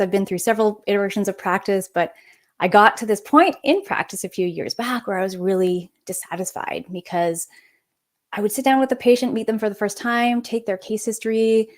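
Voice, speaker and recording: A naturopathic doctor in her forties, appearing as a podcast guest, tells a personal story in a lively, conversational way. She acts out the people she quotes, using a mid-range voice.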